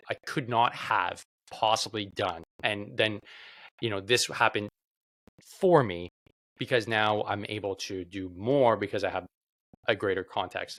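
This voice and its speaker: A man's voice: fairly low pitch, a bit bright, dry recording. A man hosting a podcast, chatting casually and thinking aloud with fillers. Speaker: podcast host. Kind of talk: casual chat.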